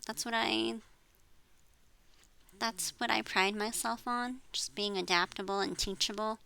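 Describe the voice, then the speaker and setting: A woman's voice: fairly high pitch, steady tone, a little slow, vocal fry, bright, forceful tone, clear, resonant tone, rough recording. A woman in her thirties rambling in a personal vlog, frustrated, trailing off and swearing as she vents. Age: 30s. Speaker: vlogger. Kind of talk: rambling personal venting monologue.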